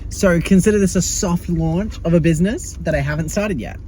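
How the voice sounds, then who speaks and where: Sassy high-voiced young man ranting. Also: fairly quick, dark tone, a little hiss or hum. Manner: dramatic, sassy and swearing, swings into high exasperated outbursts. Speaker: vlogger. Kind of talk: casual video diary.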